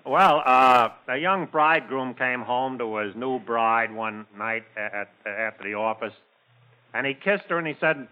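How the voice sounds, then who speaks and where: A man on a 1940s radio comedy panel telling his joke at a slow, drawling pace, stumbling a little over his words. The sound is tinny old broadcast audio. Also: mid-range voice.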